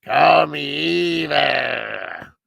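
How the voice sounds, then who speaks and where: A man voicing a menacing male killer who speaks through a voice changer, drawn out and slow. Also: a little high, vocal fry, bright, forceful tone, breathy edge, no echo, full character voice.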